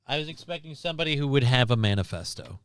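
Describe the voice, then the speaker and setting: A man's voice: mid-range voice, expressive, fast talker, smooth, no echo. A man hosting a live stream, riffing sarcastically and rambling through news stories in casual commentary.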